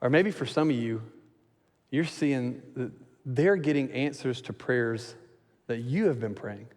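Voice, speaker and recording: A man preaching a sermon as pastor, animated, acting out quotes in different voices. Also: medium pitch, a little slow, big-room sound.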